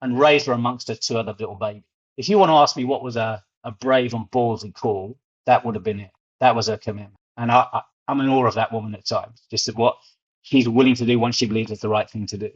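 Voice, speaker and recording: A man's voice: medium pitch, fairly even intonation, fast, breathy edge. A middle-aged man with a London accent, telling stories as an interview guest and often repeating words as he gets going. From England. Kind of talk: storytelling interview. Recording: muffled lo-fi audio.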